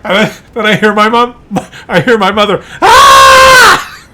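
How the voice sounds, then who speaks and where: A middle-aged man telling a family story in a casual vlog, animated and laughing often as he acts out voices. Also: high-pitched, a little fast. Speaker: content creator.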